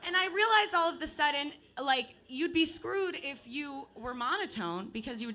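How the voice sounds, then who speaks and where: A woman's voice: sits high, lively intonation, normal speed, few pauses, bright, forceful tone. A woman in her twenties from Michigan doing open mic stand-up comedy, chatty and profane, playing with the crowd on a bar stage. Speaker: stand-up comic.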